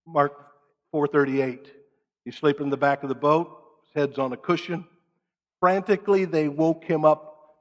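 A middle-aged man preaching a sermon, shifting between raised, acted-out prayers and a quiet hush. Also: fairly high pitch, lively intonation, moderate pace. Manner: dramatic, acts out prayers and quotes in raised voices, drops to soft hush. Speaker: pastor. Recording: long hall reverb.

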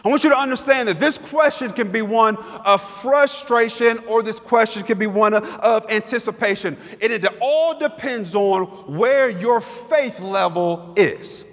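Fervent high-voiced male preacher. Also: unhurried, few pauses, a bit bright. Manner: fervent, repetitive, emphatic preaching. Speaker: pastor. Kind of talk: sermon. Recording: long hall reverb.

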